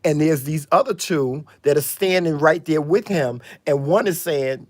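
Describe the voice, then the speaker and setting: A man vlogging a casual monologue, telling gossipy stories in a sassy, dramatic way, full of "honey" and "child" and sudden loud exclamations. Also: on the high side, unhurried. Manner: dramatic exclamations and swings in loudness.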